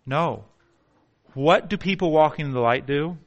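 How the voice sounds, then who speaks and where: A man preaching a sermon, firing rhetorical questions and swinging between loud emphatic bursts and hushed, slow passages. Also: on the high side, muffled recording.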